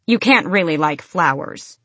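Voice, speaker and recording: Casting: a woman reading as a fierce young witch commander, curt and biting, lowish voice, dry audiobook sound. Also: expressive, unhurried, fairly bright tone, no room sound, exaggerated voice. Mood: exasperated.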